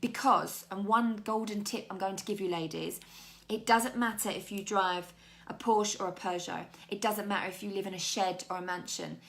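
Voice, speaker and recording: A young woman with a British accent coaching her viewers in a frank, chatty way. Her voice sits in a middle pitch with a gravelly edge. She talks directly to the camera as a motivational coach. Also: steady tone, normal speed, a bit bright. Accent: British English. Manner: candid and chatty, addressing viewers as ladies. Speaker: life coach.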